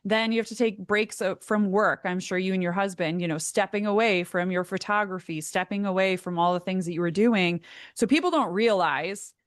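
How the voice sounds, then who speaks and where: A woman's voice: medium pitch, moderate pace, no echo, clean studio sound. A woman hosting a podcast interview, asking questions and speaking emphatically. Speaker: podcast host. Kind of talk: conversational interview.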